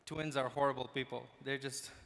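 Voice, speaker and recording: A man's voice: medium pitch, fairly even intonation, a little fast, a bit bright. A man in his thirties from Dubai doing stand-up comedy in a large conference hall, chatting and teasing the crowd in a self-deprecating way. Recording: echoey hall with long reverb.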